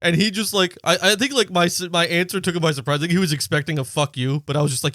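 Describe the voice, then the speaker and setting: Deadpan, cursing young man, dry sound. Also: a little high, very fast, hardly any pauses, dry recording. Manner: deadpan storyteller, swears freely. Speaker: podcast co-host. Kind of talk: casual chat.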